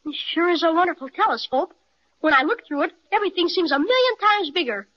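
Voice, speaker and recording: A woman voicing an eager, excitable young boy in a 1930s radio drama, full of exclamations and old-fashioned slang. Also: very high-pitched, fast talker. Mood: excited. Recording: dull old radio transcription.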